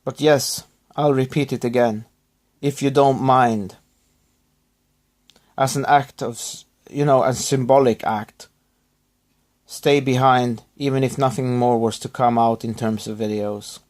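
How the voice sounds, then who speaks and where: Male vlogger, subdued and halting, recovering from illness, apologetic in tone. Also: mid-range voice, steady tone, darkish tone. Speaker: YouTuber thanking subscribers. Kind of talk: rambling personal vlog.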